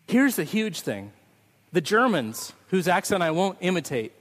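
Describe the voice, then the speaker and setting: A man's voice: high-pitched, big pitch swings, normal speed. A man preaching a Christmas Eve sermon as pastor, telling stories and leading prayer. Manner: storytelling with sung snippets, ending in prayer. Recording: long hall reverb.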